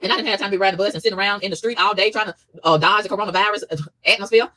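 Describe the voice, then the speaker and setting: Fast-talking, exasperated woman ranting. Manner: fast, exasperated ranting with animated pitch swings. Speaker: vlogger. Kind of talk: ranting monologue.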